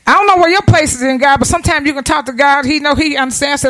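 A woman's voice: high voice, fast talker, few pauses, fairly bright tone, low-quality recording. A woman preaches to her congregation in a church. Her delivery is plain-spoken and homey, and she keeps drawing call-and-response from the pews. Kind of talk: sermon.

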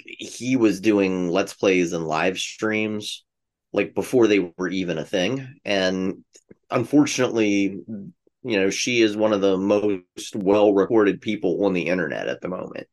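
A man co-hosting a podcast in casual chat, explaining his view in a measured way with many "like"s. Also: low voice. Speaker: podcast co-host.

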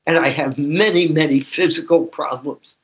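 An older man with a slight tremor in his voice, sharing his own story slowly and emotionally with a recovery group. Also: a little high. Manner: slow and emotional, with laughter. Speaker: recovery workshop speaker. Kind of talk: personal sharing talk.

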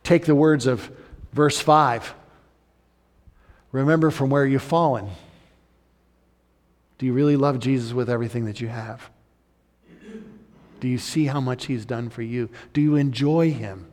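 A man's voice: mid-range voice, steady tone, measured pace, pauses often. Male pastor preaching in a reverberant hall. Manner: swings from loud urgent emphasis to soft intimate appeals. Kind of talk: sermon.

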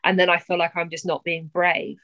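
A young woman, a poet talking candidly as a podcast guest, animated, swearing freely and often pausing on fillers. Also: fairly low pitch, no echo, lo-fi sound. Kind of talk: candid conversational chat.

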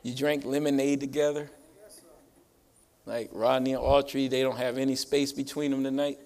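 A man's voice: mid-range voice, flat delivery, normal speed, gravelly, darkish tone. A pastor preaching a sermon to his church in call-and-response style. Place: church sanctuary.

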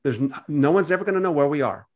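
A man telling a personal story in casual conversation, animated and jumping his pitch up high when he quotes people. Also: fast. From United States. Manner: animated storyteller, acts out quoted voices with big pitch jumps. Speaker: podcast co-host.

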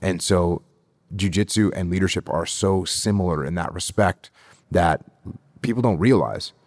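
A middle-aged man answering interview questions as a leadership instructor, deliberate and repeating phrases for emphasis. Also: sits low, darkish tone, no room sound, studio quality.

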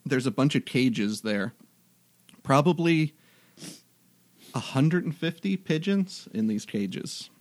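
A game master narrating a tabletop game in a relaxed, descriptive way. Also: mid-range voice, slow, long pauses, no room sound.

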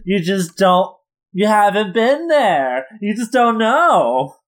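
A man putting on the voice of a boastful male movie star who defends his strange accent, in a slow, drawn-out mock drawl. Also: sits high, big pitch swings, exaggerated voice. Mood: smug.

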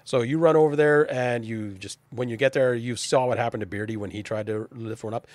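A mid-pitched man narrates a pirate tabletop game as its game master. He is casual and chatty, often restarting his sentences. The sound is dry and close. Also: steady tone, brisk, a little mellow, no echo.

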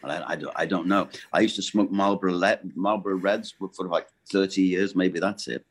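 Deep-voiced man, rambling interview guest. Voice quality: deep, low voice. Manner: rambling, halting and self-correcting. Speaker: voice actor guest. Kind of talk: casual interview chat.

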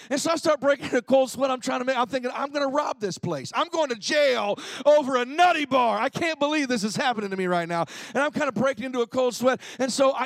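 A man, a pastor, preaching a sermon with humorous, animated storytelling and frequent laughs. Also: very high voice, no room sound.

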